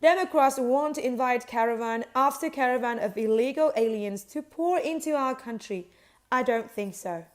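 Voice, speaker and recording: Woman reading a news article aloud, slightly high. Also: moderate pace. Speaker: news reader.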